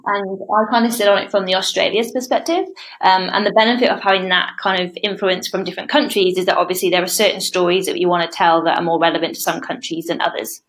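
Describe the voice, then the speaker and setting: A woman's voice: on the low side, steady tone, fast, rough recording. British woman explaining her research. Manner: thoughtful, many "um" and "kind of". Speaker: researcher, podcast guest. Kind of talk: explanatory interview answers.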